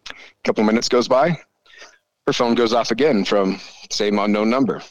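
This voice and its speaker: A man, probably in his forties, telling a story in a casual chat, animated and full of swearing. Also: fairly low pitch, moderate pace, dry recording, rough recording. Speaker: podcast guest.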